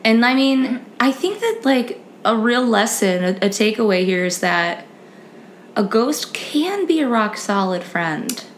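A woman's voice: fairly high pitch, big pitch swings, a little slow, slight background noise. A young woman co-hosting a casual podcast, playful and jokey, laughing often. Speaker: podcast co-host.

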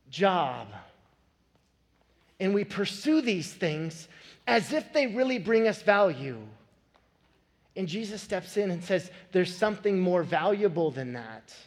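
A man in his thirties preaching a sermon, telling a family story with animated, building emphasis. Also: high voice. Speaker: pastor. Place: church sanctuary. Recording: long hall reverb.

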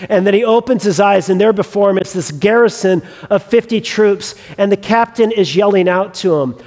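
A man preaching a sermon, retelling a scripture story in an animated way and acting out its characters. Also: sits high, moderate pace, few pauses. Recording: long reverb of a large hall.

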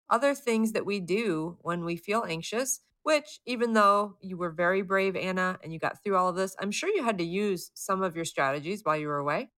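A woman's voice: on the low side, a bit bright. A woman co-hosting a podcast in casual chat, teasing and prodding her co-host.

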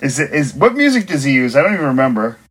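Man tossing out quick joking questions. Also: mid-range voice, very animated, a bit bright, breathy edge, low-quality recording. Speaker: podcast co-host. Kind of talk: casual chat. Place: recording remotely.

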